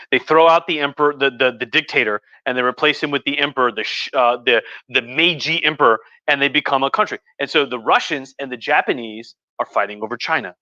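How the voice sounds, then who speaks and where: A man's voice: mid-range voice, bright, forceful tone, no echo, lo-fi sound. A man giving a tipsy, rambling history talk on a live stream. He swears a lot and slips into mocking voices. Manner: profane, rambling, with acted mock voices. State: drinking wine. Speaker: history lecturer. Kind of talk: tipsy casual history rant.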